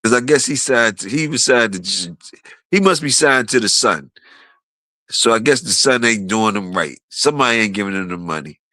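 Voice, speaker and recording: A man's voice: lowish voice, expressive, moderate pace, bright, forceful tone, dry recording, poor audio. Rambling profane man on a livestream. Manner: rambling, profane, laughing, quotes others animatedly. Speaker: streamer host. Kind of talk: casual livestream chat.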